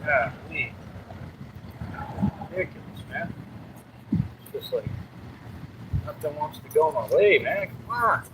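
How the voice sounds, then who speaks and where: A man vlogging casually about his fitness training, rambling and breaking into high squeaky shouts. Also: animated, slow, pauses often, background noise. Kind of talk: casual vlog talk to camera.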